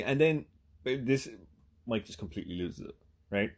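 A man's voice: medium pitch, lively intonation, normal speed, darkish tone. A man telling a long casual anecdote, rambling and swearing with lots of fillers. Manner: rambling, profane, full of fillers. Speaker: storyteller.

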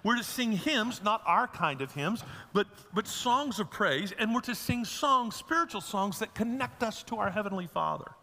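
A man's voice: sits high, lively intonation, normal speed, few pauses, bright, forceful tone, in a large hall. A man preaching a sermon as a pastor, folksy and humorous, telling stories to his congregation.

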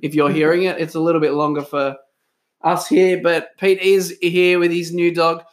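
Guy hosting a church podcast, kinda high voice, chatty, teasing, laughs a lot. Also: level tone, moderate pace. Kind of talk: casual chat.

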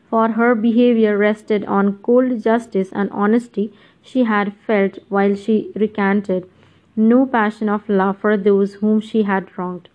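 A woman narrating a literary novel as an audiobook, in a measured, even reading, muffled audio. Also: medium pitch.

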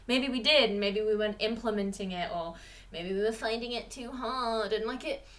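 A woman's voice: a little high, normal speed. Passionate chatty woman. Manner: passionate, animated, lots of "like". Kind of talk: casual chat.

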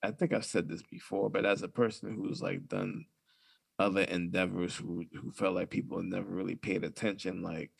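A man's voice: low voice, expressive, normal speed, creaky, breathy edge. A young man co-hosting a casual podcast, talking in a loose, profane way and laughing through his stories. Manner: laid-back, profane, laughs while telling stories. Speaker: podcast co-host. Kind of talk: casual chat.

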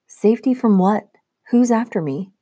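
A woman's voice: mid-range voice, expressive, moderate pace, dark tone, slightly rough, dry recording, clean studio sound, pitched above the performer's own voice. A woman voicing a bewildered twelve-year-old boy who fires off incredulous questions.

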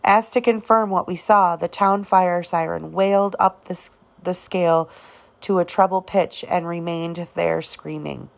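A woman narrating an audiobook of a novel, reading in a halting way with occasional restarts on words. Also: lowish voice, steady tone, creaky. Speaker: audiobook reader.

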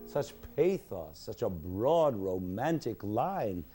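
A man giving a university music lecture in a hall, expressive and singing examples at the piano. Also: on the low side, slow pace.

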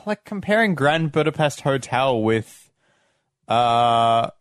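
Brief: male co-host, animated pitch swings, rambling and self-correcting, dry sound. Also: takes it slowly, dry recording. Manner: rambling, many fillers and restarts. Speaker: podcast co-host. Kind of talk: casual film discussion.

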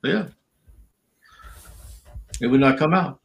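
A man's voice: mid-range voice, slow pace, vocal fry, rough recording. An older man, a guest in an interview, telling stories in a chatty way, laughing often and acting out what people said. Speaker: guest, former wrestler and referee. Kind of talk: casual interview storytelling.

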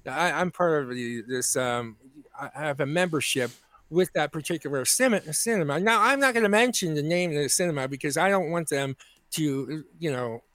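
Podcast co-host, man, high voice, animated and indignant storytelling, dry close mic. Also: moderate pace, dry recording. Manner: animated storytelling, indignant, acts out quoted people. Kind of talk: casual comedic chat.

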